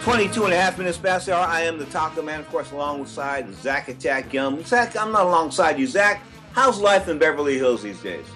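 A man's voice: on the high side, animated, fairly quick, hardly any pauses, music in the background. A man hosting a sports radio show in casual chat, brash and opinionated, rambling through his points. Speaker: radio sports talk host.

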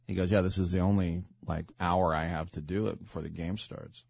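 A man's voice: low-pitched, fairly even intonation, a little fast, gravelly, darkish tone, husky, dry recording. A man hosting a sports radio show, telling stories casually and acting out the people he quotes. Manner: chatty, acts out quoted voices. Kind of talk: casual storytelling.

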